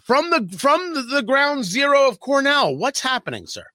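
A male talk radio host interviewing a guest, emphatic and pointed, pausing to stress his words. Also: very high-pitched, sing-song, pushed and bright, no echo. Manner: emphatic, reads statements aloud with pointed pauses.

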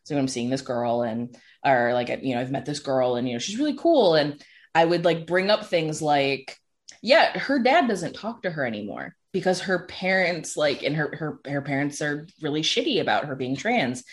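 A woman's voice: low-pitched, normal speed. A woman in casual conversation, telling a personal story and acting out other people's lines with exaggerated voices, saying "like" often. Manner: animated storyteller, acts out quotes in exaggerated voices; says "like" constantly. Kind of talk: casual chat.

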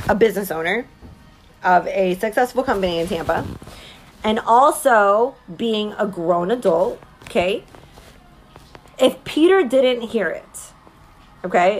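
Speaking in a voice on the high side, this mother and business owner in her thirties recounts a story to her viewers with animation and emphasis, often stopping to check "okay?".

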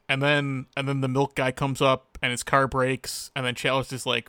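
A man with a deadpan, monotone delivery co-hosts a casual chat, and his sarcasm barely shows in his voice. His tone is bright and gravelly, recorded close and dry. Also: medium pitch, measured pace, no room sound. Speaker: podcast co-host. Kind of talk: casual chat recapping a show.

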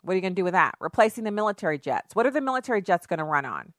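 A woman's voice: mid-range voice, sing-song, racing, dry recording, studio quality. Sarcastic woman political commentator. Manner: sarcastic, emphatic, rhetorical questions.

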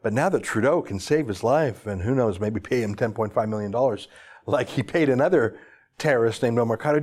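A man's voice: medium pitch, a little fast, a little mellow. A man delivering opinionated news commentary in a sarcastic, mocking and emphatic way. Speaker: political commentator.

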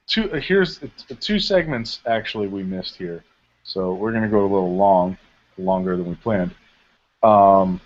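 A man co-hosting a casual podcast, retelling events with lively, acted-out quotes. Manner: animated storyteller, acts out quotes in high voices. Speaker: podcast co-host recapping wrestling. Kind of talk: casual chat. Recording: dull lo-fi podcast audio.

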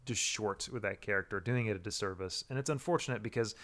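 A man's voice: lowish voice, quick pace, fairly bright tone. A man co-hosting a podcast in casual chat, rambling and restarting his sentences often. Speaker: podcast co-host.

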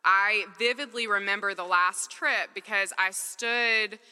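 Bright-voiced woman preaching in an echoey hall. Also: medium pitch, steady tone, a little slow, clean tone. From Mississippi, US. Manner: earnest, conversational, acts out dialogue. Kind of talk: sermon with personal storytelling.

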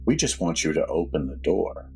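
A man voicing a mysterious male cop figure who speaks in a hushed, low, reassuring way in a tabletop game. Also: very animated, normal speed. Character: mysterious soft-spoken male spirit cop.

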